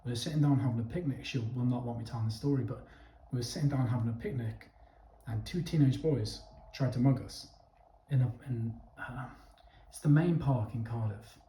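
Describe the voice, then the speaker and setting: A man's voice: medium pitch, fairly quick, dark tone, distant mic, a little hiss or hum. A man talking frankly and casually to his viewers, repeating phrases and restarting as he goes. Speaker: channel host. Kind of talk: casual talk to camera. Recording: roomy sound from away from the mic.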